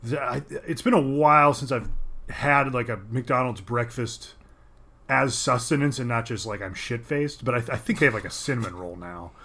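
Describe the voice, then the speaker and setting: A man's voice: mid-range voice, moderate pace, bright, forceful tone. A man co-hosting a podcast, chatting casually and jokingly, swearing freely and restarting his sentences. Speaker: podcast co-host. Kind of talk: casual chat.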